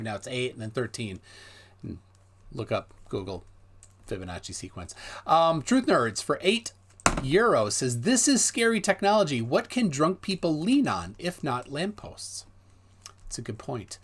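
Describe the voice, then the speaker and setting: Man hosting a live stream, lively pitch. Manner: jokey and self-mocking, stumbles over viewer names. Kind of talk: casual live-stream chat, reading out viewer donations.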